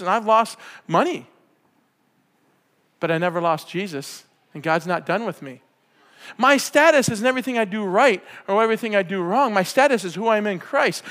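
A man preaching a sermon, fervent and often yelling with excitement. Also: high-pitched. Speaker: pastor. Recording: preacher in a hall with long reverb.

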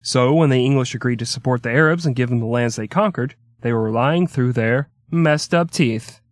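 A man's voice: medium pitch, moderate pace, no room sound, studio quality. Crude joking male history podcaster. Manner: crude, joking asides between narration. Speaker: podcast host. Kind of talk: irreverent comedic history narration.

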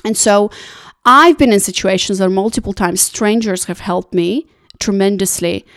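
A woman's voice: medium pitch, normal speed, a bit bright, dry recording, studio quality. A woman life coach talking straight to camera, giving earnest, conversational advice with lots of "like" and "you know".

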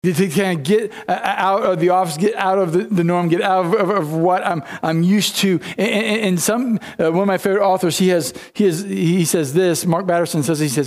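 A man's voice: high voice, moderate pace. A male pastor preaching a sermon, retelling scripture in casual, everyday storytelling speech.

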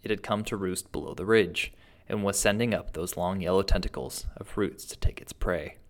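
A man reading a first-person ghost tale aloud in a steady, dramatic storytelling manner. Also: low-pitched, moderate pace. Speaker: narrator.

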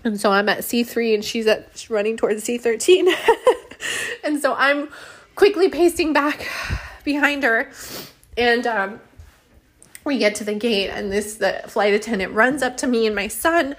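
Woman, heartfelt personal storytelling, slightly high voice, emotional, laughs often, restarts. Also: animated, a little slow, long pauses. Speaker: mother sharing a personal story.

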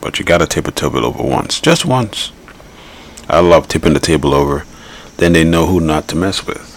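Very deep, gravelly male podcast host. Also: animated, moderate pace. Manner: blunt, rambling, repeats himself. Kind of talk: casual political commentary.

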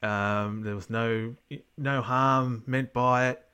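An Australian man chatting loosely on a podcast, blunt and rambling, with the odd curse thrown in. His pitch sits in an ordinary middle range. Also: steady tone, slow pace, sharp tone, clear, resonant tone. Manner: rambling, blunt, swears casually. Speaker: podcast co-host. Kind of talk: casual chat.

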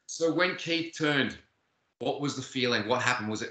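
A man's voice: medium pitch, normal speed, bright, forceful tone, reverberant. A man hosting an interview, rambling and stacking several questions at once. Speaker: interviewer host.

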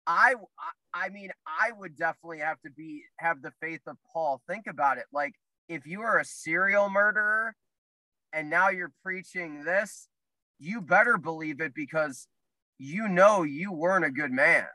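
A man's voice: fairly high pitch, moderate pace, bright, forceful tone, no echo, poor audio. A man co-hosting a casual faith discussion, talking eagerly with lots of "like" and restarts.

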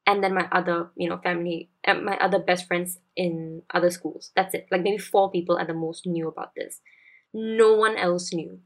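A Singaporean woman in her twenties hosts a podcast, spinning a personal story in a chatty, confiding, slangy way. Her voice sits a little low for a woman. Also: fairly even intonation, moderate pace. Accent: Singaporean English. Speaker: podcast host.

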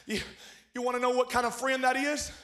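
A man preaching a revival sermon, swinging from hushed, rhythmic lines to loud shouted peaks, with joking asides to his congregation. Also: extremely high pitch, little pitch movement, brisk. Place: large church hall. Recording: echoey church hall.

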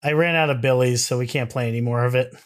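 A young man talks loosely on a podcast, piling up fillers and self-mocking asides. His voice sits in an ordinary middle pitch. He swears now and then. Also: steady tone, fast talker, faint music behind. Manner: rambling, self-deprecating, profane. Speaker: podcast co-host. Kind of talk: casual chat.

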